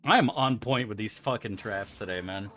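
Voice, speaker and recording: A man's voice: on the low side, moderate pace, a bit bright, a little hiss or hum. A man streaming a video game, chatting casually in a rambling, joking, profane way into a desk microphone. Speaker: gaming streamer. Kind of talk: casual gameplay chat.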